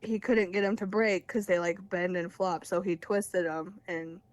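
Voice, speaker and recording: A young woman calling in to tell a personal story in a candid, rambling way, with quick laughs between phrases. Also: on the low side, steady tone, no room sound. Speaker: caller sharing her story.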